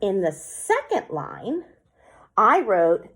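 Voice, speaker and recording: A woman teaching young children, her pitch rising and falling brightly as she goes. She speaks slowly and deliberately, repeating words as she claps out syllables. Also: big pitch swings. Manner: slow, clear, clapping out syllables. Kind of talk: classroom lesson for children.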